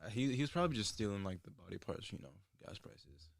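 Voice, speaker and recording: A man's voice: lowish voice, expressive, quick pace, vocal fry. A young man in casual chat, retelling a video with a jokey manner.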